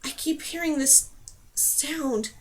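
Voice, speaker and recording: An earnest, anxious young heroine from a storybook, read by a woman, high in pitch. She apologizes softly and pleads loudly when pushed. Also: slow pace. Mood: worried. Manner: apologetic, then pleading shouts.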